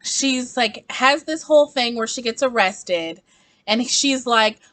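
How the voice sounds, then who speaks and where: A woman's voice: fairly high pitch, measured pace, fairly bright tone. A woman hosting a casual reaction video, chatty and sassy. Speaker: book reviewer and reaction host.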